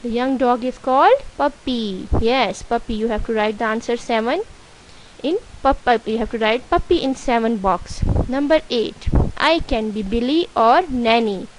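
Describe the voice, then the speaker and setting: Pakistani woman teacher for a young children's class, a bit high-pitched, patient step-by-step questioning, faint hiss. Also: rough recording. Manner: slow, explaining step by step, asking questions. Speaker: school teacher.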